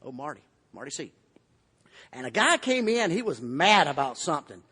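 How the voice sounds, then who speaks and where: At a podium in a large convention hall with long reverb, a man with a Southern US accent from Florida gives his recovery testimony as an AA convention speaker. His voice is a little high, sing-song, bright, forceful and husky at a moderate pace, and he tells the story in a folksy, humorous way.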